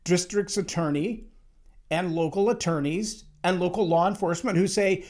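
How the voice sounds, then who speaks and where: A man's voice: sits high, normal speed, a little mellow. A man giving a motivational talk on leadership, emphatic and storytelling, acting out the quotes he tells. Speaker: speaker on leadership.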